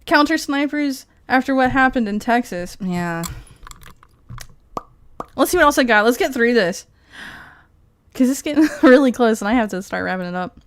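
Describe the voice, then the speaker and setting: A woman streamer with a fairly high voice, talking unhurriedly in loose, rambling live-stream commentary. She swears freely and breaks into laughter between her thoughts. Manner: laughs often, profane, rambling.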